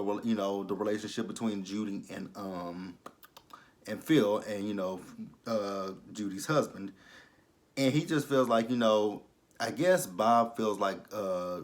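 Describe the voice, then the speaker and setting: A man recapping a TV episode in a blunt, exasperated, rambling way, full of fillers. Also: fairly low pitch. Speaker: TV episode reviewer. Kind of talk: casual recap vlog.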